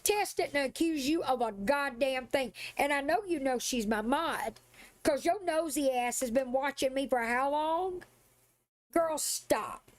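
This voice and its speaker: Streamer, woman, high voice, swearing, sassy, confrontational. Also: moderate pace. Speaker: live streamer. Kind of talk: angry livestream rant.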